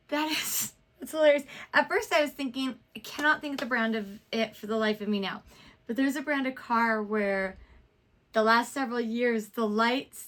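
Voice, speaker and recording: A woman's voice: a little high, fairly bright tone. A woman co-hosting a reaction video, chatting in an enthusiastic, rambling way. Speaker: reaction channel co-host. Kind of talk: casual chat.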